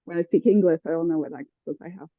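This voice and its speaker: A woman's voice: lowish voice, fast talker, no room sound. A woman who grew up in France and speaks Swedish as her first language, chatting hesitantly in English on a video call. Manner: hesitant, laughs off her answers. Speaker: guest YouTuber. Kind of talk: casual video-call chat. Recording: dry, phone-like call audio.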